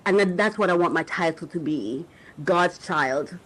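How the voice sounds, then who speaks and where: A woman's voice: fairly low pitch, normal speed, a bit bright, slight background noise, rough recording. Middle-aged woman coach talking faith to her listeners, emotional, keeps stumbling over her words. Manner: emotional, searching for words, frequent restarts. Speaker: podcast host and coach. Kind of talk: reflective spiritual talk to listeners.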